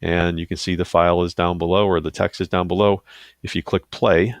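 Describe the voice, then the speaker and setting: A man with a very deep, gravelly voice talks through a software tutorial on his computer in a loose, casual way. He fills pauses and adds asides as he clicks along, and the sound is close and dry. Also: flat delivery, no room sound. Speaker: teacher giving a software tutorial. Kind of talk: screen-recorded tutorial.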